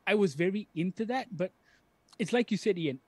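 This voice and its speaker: A man co-hosting a film podcast discusses movies casually but earnestly and thoughtfully, building his points slowly. His voice is high and animated, with a darkish tone and no room sound.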